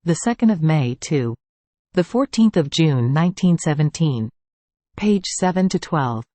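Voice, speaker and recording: Calm reader in a dry close-miked recording. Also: medium pitch, unhurried, no room sound. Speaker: reader of devotional writings. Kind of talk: steady scripted reading aloud.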